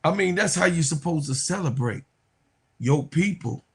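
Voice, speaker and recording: A man's voice: on the high side, animated, moderate pace, vocal fry, slightly rough. A man hosting a basketball channel, giving casual, hyped commentary full of slang and repeated phrases. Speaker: sports channel host.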